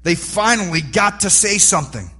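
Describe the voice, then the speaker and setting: A man preaching a sermon, animated and rising to near-shouts for emphasis. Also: high-pitched, moderate pace, slightly rough. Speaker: pastor.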